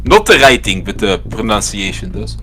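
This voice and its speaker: A man casually co-hosting a live stream, relaxed and joking in a blunt, offhand way. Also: on the low side, normal speed, faint music behind. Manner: laid-back, joking, blunt.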